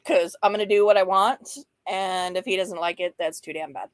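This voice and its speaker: A woman's voice: lowish voice, steady tone, normal speed, no room sound. A woman in her fifties hosting a casual mental health talk, frank and chatty, often breaking into laughter and playful asides while going through slides. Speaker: host of a mental health livestream.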